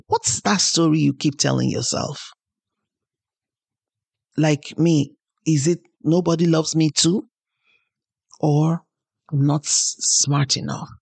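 Gravelly woman giving an earnest motivational talk. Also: low voice, no room sound. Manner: earnest, personal storytelling. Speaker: podcast host.

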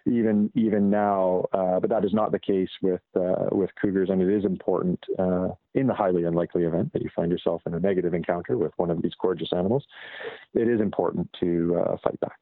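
A lowish male voice comes through a tinny, phone-like line with a dry, close sound. He is a Canadian guest in a casual interview, speaking in a measured way and often pausing on fillers and restarting his sentences. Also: steady tone, dry recording. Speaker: guest wildlife expert.

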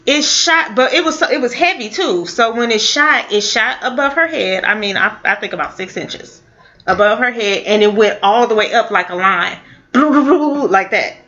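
A woman telling a personal story in a casual, halting way, with many fillers and restarts. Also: on the high side, animated, bright, forceful tone. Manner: halting, full of fillers and restarts, laughs now and then. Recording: dull lo-fi audio.

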